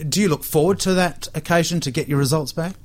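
A man hosting a casual interview, chatty and quick to agree. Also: a little high. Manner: chatty, asks questions, agrees often. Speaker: host.

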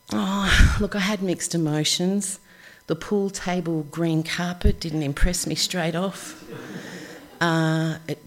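A middle-aged Australian woman telling a personal story live, chatty and animated, acting out the voices of people she quotes. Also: lowish voice.

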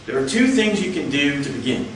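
A man giving a lecture, explaining step by step in a measured way. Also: on the high side, sing-song, background noise. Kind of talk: explanatory talk. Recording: echoey hall, from far off.

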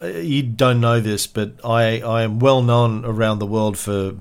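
A man's voice: mid-range voice, clear, resonant tone. Rambling male podcast host. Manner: storytelling, quick and rambling. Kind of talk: casual podcast chat.

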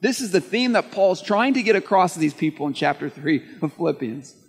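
A male pastor preaching a sermon to his congregation, lively and conversational. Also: high voice, a little fast, husky. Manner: animated preaching, dropping to a soft prayer voice. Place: church service, room of listeners. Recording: long hall reverb, faint music.

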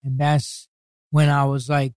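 A man with a New York accent, from New York City, speaks in a monotone, mid-range, slightly mellow voice with no room sound. As a guest in a casual interview he recounts his past bluntly, swearing heavily in street talk and acting out others' words in quick retellings.

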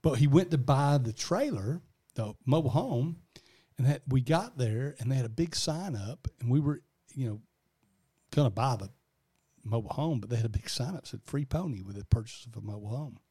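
A man's voice: medium pitch, animated, a little fast, warm tone, husky. Man, podcast co-host, casual chat, rambling with restarts. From American South. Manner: rambling storyteller with many restarts.

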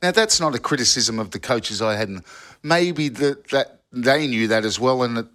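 A former footballer telling old yarns in a casual podcast chat, rambling with restarts and asides. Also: male voice, mid-range voice, normal speed, a bit bright. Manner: rambling storyteller with restarts and "you know". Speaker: football pundit, former player.

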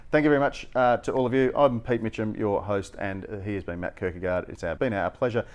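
A man, hosting a podcast in relaxed, joking banter with his co-host. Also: fairly low pitch, fast, clean tone. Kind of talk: casual podcast chat.

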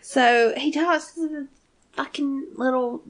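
Excitable young woman podcaster. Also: high voice, slow pace. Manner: excitable, swears a lot, says like often. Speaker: podcast co-host. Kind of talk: casual fan podcast chat.

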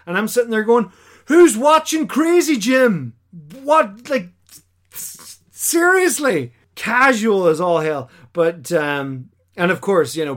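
A man hosting a casual podcast chat, animated and acting out quotes in silly voices. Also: a little high. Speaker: podcast host.

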